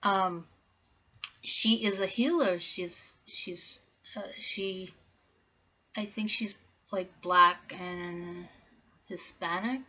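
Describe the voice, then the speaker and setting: A woman talks casually to her viewers, rambling a little and filling gaps with "um" and "like". Her voice sits a bit low for a woman. The recording sounds dull and lo-fi. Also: pushed and bright. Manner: rambling, many fillers and restarts. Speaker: vlogger. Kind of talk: casual vlog talk.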